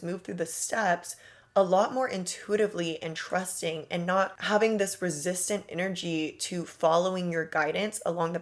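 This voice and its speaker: A woman coaching on manifestation in a casual, emphatic monologue, talking straight to the listener with slang and rhetorical questions. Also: on the low side. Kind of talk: motivational monologue.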